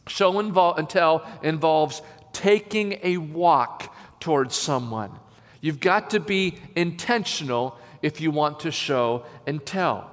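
A man preaching a sermon as a pastor, emphatic and slowing down to stress key phrases. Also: on the high side. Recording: long hall reverb.

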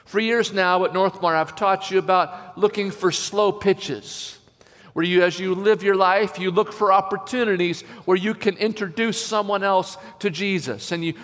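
Pastor guy giving a sermon, leans on key words, pretty high voice. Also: fairly bright tone. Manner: emphatic, slows down to stress key phrases. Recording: long hall reverb.

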